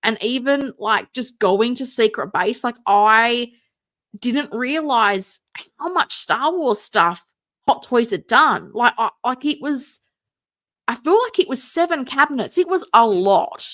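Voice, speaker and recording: A woman's voice: on the high side, expressive, unhurried, fairly bright tone. An Australian woman hosting a casual livestream, tired and rambling, with a wry, mumbly way of talking. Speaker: host of a figure collecting livestream.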